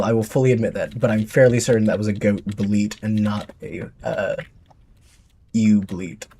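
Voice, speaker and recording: A man's voice: on the low side, slightly rough. A man streaming a survival game, giving chatty, playful live commentary with jokey exclamations. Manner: chatty, playful, self-mocking; excitable exclamations.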